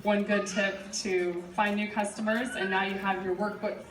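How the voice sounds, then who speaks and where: A woman's voice: mid-range voice, little pitch movement, normal speed, distant mic. A middle-aged woman giving a live workshop presentation as a sales trainer, chatty and encouraging with frequent fillers. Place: presentation room. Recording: echoey room from afar, audible noise.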